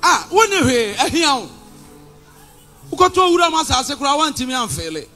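A male pastor with a Ghanaian accent preaching a combative sermon, shouting and sliding into sing-song phrases. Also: very high-pitched, sing-song, normal speed, soft background music. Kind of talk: fiery sermon.

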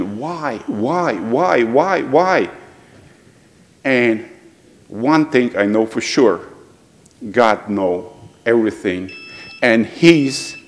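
A middle-aged man from Ukraine with a Ukrainian accent, speaking earnestly in halting English as a guest speaker in a church. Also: mid-range voice, long reverb tail. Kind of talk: heartfelt church talk. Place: church sanctuary.

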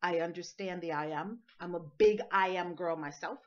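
A woman's voice: lowish voice, moderate pace, lo-fi sound, a little hiss or hum. A woman spiritual teacher giving a motivational talk, stressing words and chanting them in rhythm.

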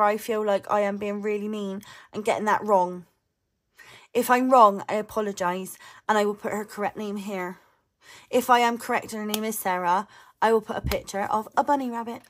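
A young woman chatting excitedly to her viewers as she unboxes her mail. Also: mid-range voice. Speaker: budgeting vlogger. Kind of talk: casual chat to camera while unboxing.

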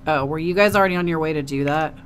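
A woman's voice: deep voice, quick pace, faint music behind. A woman casually narrating a life-simulation game, chatty and emotive, cooing at her characters. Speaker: gaming video host. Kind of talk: casual let's play commentary.

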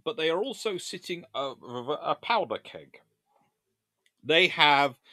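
Give me a man giving a theatrical live-stream history lecture, with a slightly high, bright voice. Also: dry recording, studio quality. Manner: animated, theatrical storytelling. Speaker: naval historian host.

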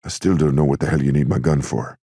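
A man's voice: very deep voice, fairly even intonation, fast talker, mellow, breathy edge, dry recording, clean studio sound, heavily acted. A man voicing a cocky, mocking gangster in an audiobook. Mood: brash.

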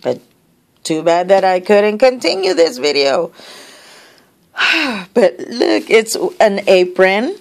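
Emotional woman vlogger, gravelly voice, slow rambling delivery. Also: medium pitch, sing-song. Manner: emotional, tearful, gushing; rambling with many restarts and soft asides. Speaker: vlogger opening happy mail. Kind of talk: casual vlog.

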